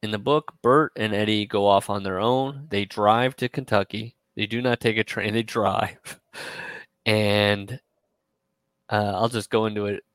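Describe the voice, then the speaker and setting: A man co-hosting a casual podcast, retelling a story in a rambling way, full of fillers and quick quoted asides. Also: lowish voice, steady tone, fairly bright tone, clear, resonant tone, no echo, low-quality recording. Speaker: podcast co-host.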